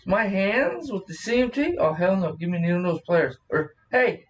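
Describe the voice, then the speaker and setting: A man's voice: high-pitched, lively intonation, normal speed, hardly any pauses, distant mic, dull audio. A man co-hosting a podcast in casual chat, crude and profane, laughing often. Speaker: podcast co-host.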